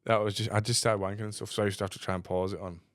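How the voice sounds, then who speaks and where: A man co-hosting a comedy podcast in a loose, rambling way, often trailing off mid-thought. He talks quickly in a slightly low voice. The sound is dry and close. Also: level tone, a bit bright, no room sound. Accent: English. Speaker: podcast co-host. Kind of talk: casual chat.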